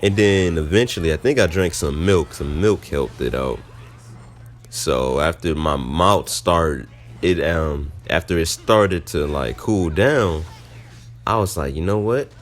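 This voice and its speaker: A man vlogger casually telling a personal story, animated and slangy. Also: slow. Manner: animated, slangy, jumps into high squeaky reenactments.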